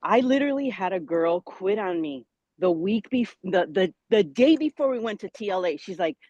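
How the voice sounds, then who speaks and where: A woman in her late forties giving an excited, emotional testimonial on a video call, laughing and near tears. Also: medium pitch, moderate pace, dry recording, dull audio. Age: 40s. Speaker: team member sharing a success story.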